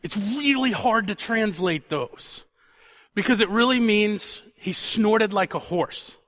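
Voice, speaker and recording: A man preaching a conversational sermon who repeats words for emphasis and sinks to a quiet, intense tone on solemn points. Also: high voice, slow.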